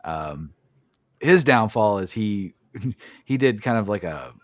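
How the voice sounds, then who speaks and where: A man's voice: lowish voice, lively intonation, takes it slowly, no room sound, studio quality. A man hosting a podcast, recapping a wrestling match in casual chat and swearing freely. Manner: swears freely, blunt opinions. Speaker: podcast host.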